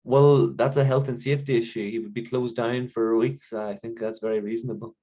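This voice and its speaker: A calm therapist speaks in measured, soothing tones with a hint of condescension, as a man plays him in improv. His voice sits at an ordinary pitch. The audio is dull and lo-fi, like a video call. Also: natural voice. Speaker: improv performer.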